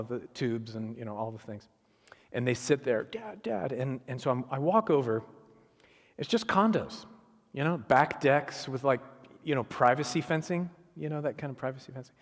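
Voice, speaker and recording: A middle-aged man giving an animated storytelling sermon as a guest speaker, acting out the voices of the people in his story. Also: mid-range voice. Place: church sanctuary. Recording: long hall reverb.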